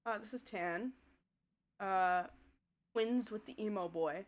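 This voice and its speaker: A woman's voice: mid-range voice, slow pace, long pauses. A woman streaming a game live, chatting casually with her chat and giggling often. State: voice tiring. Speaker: VTuber streamer.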